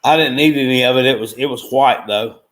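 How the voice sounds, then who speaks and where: A man's voice: mid-range voice, brisk, fairly bright tone. A man hosting a live watchalong from home, reading out chat comments in a rambling, folksy and profane way. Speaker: livestream watchalong host.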